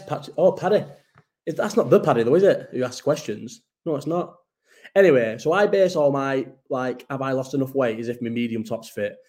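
A man's voice: medium pitch, a little mellow. Rambling, sweary man. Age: 30s. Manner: rambling, sweary, self-mocking. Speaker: podcast host. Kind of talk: casual live chat.

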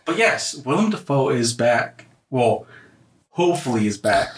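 A man co-hosting a podcast, chatting casually and excitedly about superhero movies, often cutting in on his partner. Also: mid-range voice, unhurried. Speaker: podcast co-host. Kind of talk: casual chat. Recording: roomy echo.

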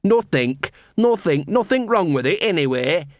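A man's voice: fairly high pitch, big pitch swings, normal speed, no echo, clean studio sound, pitched above the performer's own voice. A male reader voicing a scruffy, cheeky male street dog who talks streetwise slang. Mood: cocky. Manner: streetwise, cocky, working-class slang.

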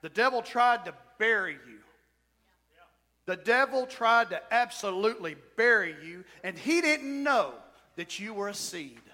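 A man preaching a sermon as pastor, with shouted whoops and emphatic repetition. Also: high-pitched, expressive, unhurried. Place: church sanctuary. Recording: church hall reverb.

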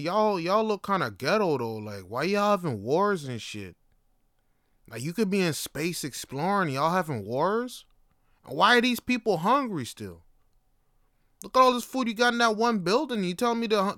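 A man's voice: sits high, sing-song, moderate pace, sharp tone, no room sound, studio quality, pitched above the performer's own voice, full character voice. A man voicing a laid-back male space alien visitor who talks in casual slang and scolds people for their ways. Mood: chatty, judgmental.

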